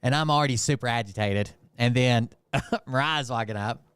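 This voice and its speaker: Man, smooth resonant voice, dry close sound, rambling profane storyteller. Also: mid-range voice, normal speed, a bit bright, no room sound. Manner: profane, rambling, heated retelling full of fillers. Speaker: channel host. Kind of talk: casual storytelling.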